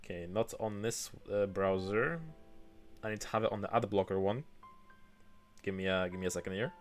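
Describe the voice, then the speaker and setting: A man's voice: on the low side, steady tone, brisk, soft background music. A male game streamer chatting casually at home, rambling with lots of fillers and restarts. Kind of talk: casual chat while gaming.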